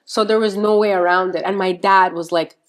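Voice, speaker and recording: A woman hosting a casual podcast, swearing her way through animated stories. She is from Montreal and keeps the chat blunt and unfiltered, with an ordinary mid-range pitch. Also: fairly quick. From Montreal, Canada. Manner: blunt, profane, animated storytelling. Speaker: podcast host.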